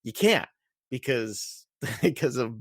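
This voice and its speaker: A man co-hosting a casual fantasy football podcast, talking in an excitable, emphatic way and laughing often. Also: medium pitch, takes it slowly, no echo, studio quality. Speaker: podcast co-host.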